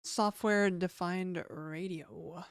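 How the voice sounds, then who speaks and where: Woman streamer rambling to chat while she codes, lowish smooth voice, dry close mic. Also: fairly even intonation, takes it slowly, no echo. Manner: rambling, chatty, swears casually, reacts to chat. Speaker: game dev streamer. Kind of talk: casual livestream chat.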